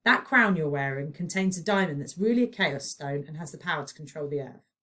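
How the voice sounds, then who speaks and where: A woman reading aloud and voicing an eager, clumsy young boy who talks quickly and informally. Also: sits low, animated, a bit bright, far from the mic.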